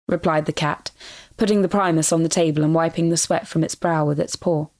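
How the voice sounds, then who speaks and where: A woman narrates a novel in a measured, even manner. Her voice sits on the low side with a gravelly, fry-laced texture. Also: no echo, studio quality. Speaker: audiobook narrator.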